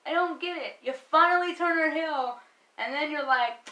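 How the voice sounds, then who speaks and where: A young woman with a high voice rants as a fan, exasperated and emphatic, swearing freely. Her voice rings in an echoey room. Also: moderate pace, sharp tone. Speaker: wrestling vlogger. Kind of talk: ranting fan commentary.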